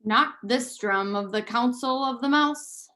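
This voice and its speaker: A woman's voice: measured pace, bright, forceful tone. Antoinette, a woman putting on a haughty French mother mouse. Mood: dismissive. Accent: put-on French. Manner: haughty, exasperated, high-pitched.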